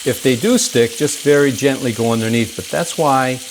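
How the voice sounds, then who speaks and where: A man hosts a home cooking show from his kitchen, enthusiastic and chatty, calling viewers "folks" as he cooks. His medium-pitched voice moves at a moderate pace. A sizzling pan adds clear frying noise in the background.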